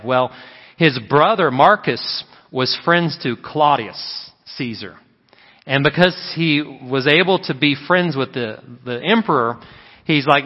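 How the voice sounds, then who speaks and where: A man preaching to his congregation, his voice sitting a little high for a man. The sound is dull and muffled, and it rings out with a long hall echo from the church. He tells his stories with lively, acted-out quotes. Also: moderate pace. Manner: animated storytelling with acted quotes. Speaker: pastor. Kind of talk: sermon. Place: church sanctuary.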